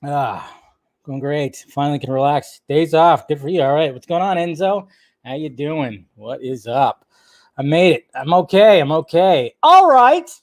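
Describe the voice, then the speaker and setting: A man's voice: a little high, moderate pace, darkish tone, dry recording, studio quality. Chatty man hosting a live stream. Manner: chatty, greets viewers by name, jokey asides. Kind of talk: casual live stream chat.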